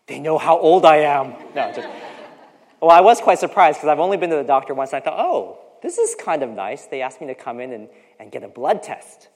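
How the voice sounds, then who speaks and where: A very animated, mid-range voice belongs to a U.S. preacher in their forties, talking fairly quickly. They give a chatty sermon, slipping in personal asides and performing the voices of people they quote. Long reverb from the hall surrounds the speech.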